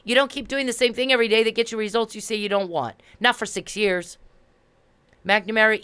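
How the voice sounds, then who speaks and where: Speaking fairly quickly in a high-leaning, steady, slightly bright and clean voice, a woman vlogger berates the police. Her monologue is angry and confrontational, full of repetition and swearing.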